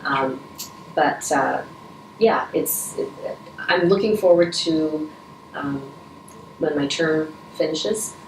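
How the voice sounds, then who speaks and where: Speaking slowly with frequent pauses, a middle-aged woman whose voice sits low answers an interviewer's questions. She's a Rotary vice president, earnest and emotional, with many restarts and moments where she chokes up. The recording comes from a distance in an echoey room with faint noise.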